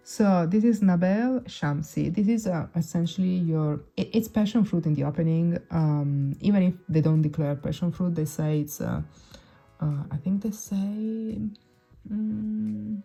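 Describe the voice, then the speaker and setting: Mellow, low-voiced woman reviewing perfumes. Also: creaky. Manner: chatty, pauses to search for words. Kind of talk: casual fragrance review to camera.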